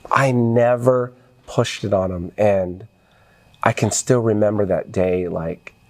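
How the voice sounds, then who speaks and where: A man's voice: fairly low pitch, steady tone, slow pace, a little mellow. A middle-aged man, a podcast guest, talking earnestly and with some emotion about his family in a casual interview.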